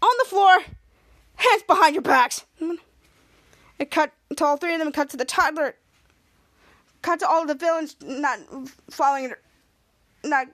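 A woman hosting a podcast, recapping a TV episode in a halting way, often restarting and repeating herself. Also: sits high, fairly bright tone. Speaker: podcast host.

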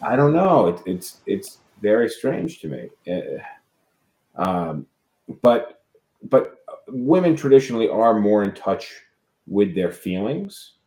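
A man's voice: fairly low pitch, sing-song, slow, dark tone. A man co-hosting a casual podcast chat, talking hesitantly with many restarts and fillers. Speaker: podcast co-host. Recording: roomy echo.

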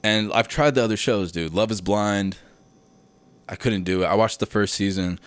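Recording alone in a home room with his setup, a young podcast host chats casually, rambling, getting sidetracked, swearing freely and saying "dude" constantly. His voice is on the low side, clear and resonant, at a moderate pace with no echo.

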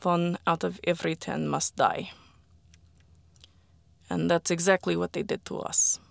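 Gravelly audiobook reader, quiet and dry. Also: mid-range voice, steady tone, measured pace, no echo. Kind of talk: first-person audiobook narration.

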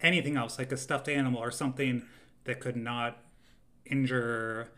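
A podcast co-host chats casually about scenes, laughing often. His medium-pitched voice is bright and forceful, with fairly even intonation and a moderate pace.

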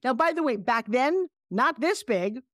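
Animated New York woman telling stories. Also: sits high, unhurried, dry recording, studio quality. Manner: animated, emphatic storyteller. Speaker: guest. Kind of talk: casual interview storytelling.

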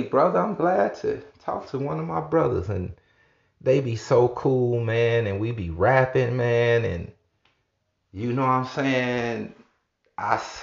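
A man's voice: mid-range voice, gravelly, reverberant, lo-fi sound. A man who works in customer service, telling a story in a casual, slangy way. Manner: slangy, animated, lively storyteller. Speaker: customer service agent and supervisor.

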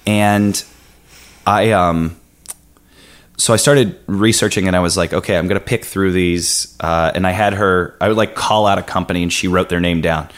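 Deep-voiced man telling a rambling story. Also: steady tone, normal speed. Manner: rambling storytelling with many fillers. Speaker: guest. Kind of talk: casual podcast interview.

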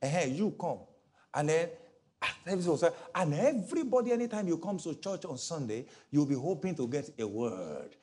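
A middle-aged man preaches a sermon, his pitch rising and falling widely. His voice sits a little high for a man, and he slips into playful voices for the people in his stories. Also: normal speed. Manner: animated, mimics voices in stories, laughs often. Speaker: pastor.

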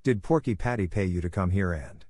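A cocky teenage boy who mocks and taunts a classmate, voiced by a man reading the story. His jeering lines sound low and dry, read close to the mic. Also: animated, brisk, warm tone, dry recording. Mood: sneering. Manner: taunting, sneering. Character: mocking teenage boy bully.

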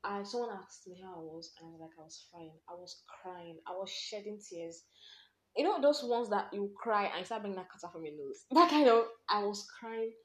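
A young Nigerian woman hosting a podcast, candidly telling personal stories with lively slang and laughter. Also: medium pitch, a little fast, reverberant. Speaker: podcast host. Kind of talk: personal storytelling monologue.

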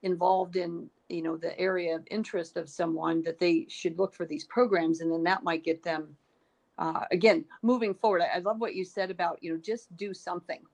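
With a lowish, steady, slightly mellow voice, this middle-aged podcast host talks fairly quickly through a casual interview chat. Her style is encouraging and thinking-aloud, full of restarts.

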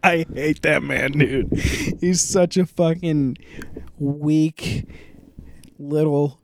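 A man hosting a podcast in casual banter, ranting loudly and profanely with frequent laughter. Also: fairly high pitch, steady tone, very slow, slight background noise. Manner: loud, laughing, profane rants. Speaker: podcast host.

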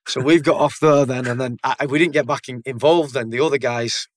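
A man's voice: medium pitch, fairly even intonation, fairly quick, no room sound. A man, a military veteran, telling stories casually in a conversation, blunt and swearing freely. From United Kingdom. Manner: blunt, swears freely, repeats words as he goes.

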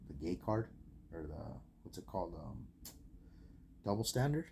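A man from New co-hosting a casual podcast, laid-back and profane, trailing off into quiet asides. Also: low voice, very animated, normal speed, vocal fry, background noise. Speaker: podcast co-host. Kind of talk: casual chat.

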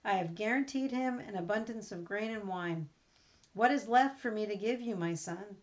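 A solemn old blind father gives his blessing, as a woman reads his part. The delivery is slow and grave, close to her plain voice. The audio is muffled and lo-fi. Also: mid-range voice, lightly acted. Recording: dull lo-fi recording.

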